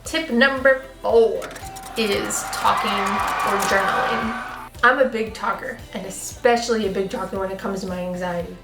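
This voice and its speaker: A woman vlogger in a casual, chatty talk to camera, expressive and full of "like" fillers. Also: medium pitch, moderate pace. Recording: echoey room with faint music.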